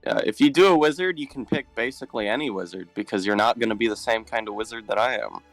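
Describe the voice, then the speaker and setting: A man's voice: medium pitch, fast talker, faint music behind, low-quality recording. A man in casual chat about tabletop games, making dry jokes. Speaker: tabletop game player.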